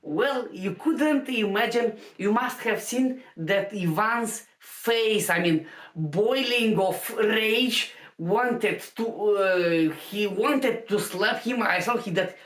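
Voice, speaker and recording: Woman, slow, hesitant storytelling, echoey room. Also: medium pitch. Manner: halting, many fillers and restarts. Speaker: stand-up comedian. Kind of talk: casual anecdotal storytelling. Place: home room. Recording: roomy home recording.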